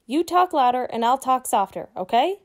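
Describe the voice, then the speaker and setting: An eager, polite young boy talks to a tiny knight, as a woman reading a storybook aloud puts him on. The voice is pitched a little high and sounds curious and well-mannered. It is a gentle children's read-aloud. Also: expressive, moderate pace.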